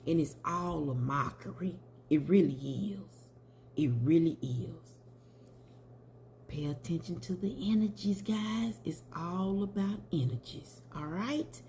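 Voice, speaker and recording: With a lowish, mellow voice and a slow pace, a woman does a tarot reading mixed with casual commentary, talking directly to viewers she addresses as y'all. She's chatty, and slight background noise is audible.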